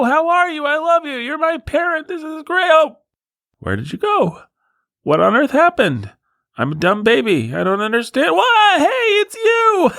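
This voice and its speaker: A man voicing a babbling baby boy who is easily amazed, in a squealing, wailing falsetto. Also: bright, forceful tone, no echo, clean studio sound, exaggerated voice.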